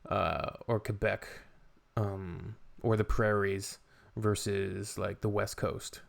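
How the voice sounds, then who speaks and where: Canadian man, low gravelly voice, opinionated reaction commentary, casual. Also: fairly even intonation, slow pace. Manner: chatty, opinionated, frequent fillers. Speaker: reaction video host.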